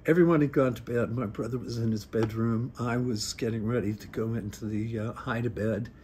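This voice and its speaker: A man's voice: mid-range voice, steady tone, moderate pace, a little mellow, slight background noise. A middle-aged man, telling a personal story in a casual, wry, self-deprecating way. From Northern Ontario. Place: recorded on a phone. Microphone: phone.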